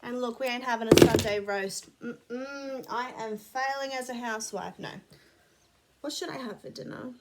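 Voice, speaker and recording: A woman's voice: on the high side, moderate pace, heavy background noise. A woman rambling casually to camera, blunt and sweary, a bit sniffly. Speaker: vlogger.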